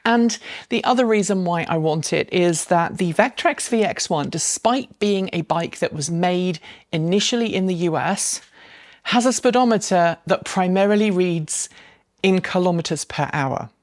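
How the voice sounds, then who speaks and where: Woman vlogging at home, lower voice, chatty with asides, dry close sound. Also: animated, normal speed, dry recording. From United States. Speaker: channel host. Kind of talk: casual vlog with sponsored segment. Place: home dining room.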